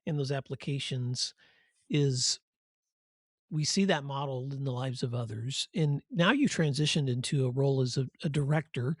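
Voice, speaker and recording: Middle-aged podcast host guy, husky voice, dry close sound, thoughtful and encouraging. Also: medium pitch, moderate pace, no room sound. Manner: thoughtful, encouraging, builds points in lists. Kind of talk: interview questions and reflection.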